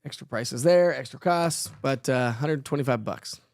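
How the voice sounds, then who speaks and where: This live weather stream host, a middle-aged man, reads viewers' chat aloud and replies casually, sprinkling in fillers and laughter. His medium-pitched voice has a darkish tone and normal speed, with no room sound.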